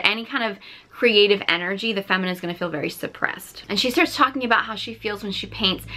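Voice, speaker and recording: A woman's voice: mid-range voice, sharp tone. A woman giving a casual, earnest breakdown of a film's relationship dynamics, explaining as she goes and often saying "like". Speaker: relationship coach and film reactor. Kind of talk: casual film breakdown commentary.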